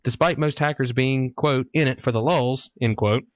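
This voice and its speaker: A man's voice: mid-range voice, normal speed, no echo. A man hosting a casual podcast, chatting crudely and reading news articles aloud. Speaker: podcast host. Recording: dull lo-fi podcast mic.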